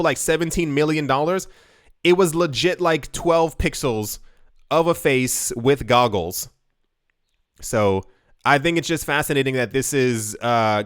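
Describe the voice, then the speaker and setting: Guy riffing on investing news, kinda high smooth voice, stumbles over words a lot, dry sound. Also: a bit bright, dry recording. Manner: rambling and jokey, stammers and repeats words. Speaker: crypto investing YouTuber. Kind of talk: casual monologue reading and commenting on news.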